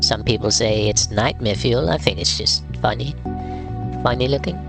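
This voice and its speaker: A man's voice: medium pitch, normal speed, vocal fry, over music. A man streaming a game live, with casual, wry, rambling commentary.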